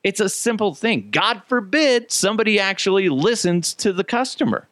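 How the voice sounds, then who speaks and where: A man hosting a podcast in casual opinion talk, animated and profane, drifting between tangents. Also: high voice, normal speed, dry recording. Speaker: podcast host.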